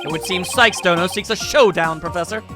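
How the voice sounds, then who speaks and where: A man voicing a cold, menacing male prosecutor with a swordsman's air, speaking slowly and dryly, with game music behind. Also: high voice, lightly acted. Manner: slow, dry, menacing.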